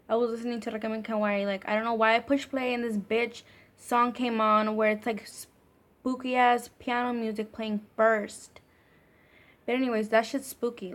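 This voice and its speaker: A woman telling a ghost story in a storytime vlog, casual and profane, filling her sentences with "like". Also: on the high side. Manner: casual and profane, heavy use of filler "like". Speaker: vlogger.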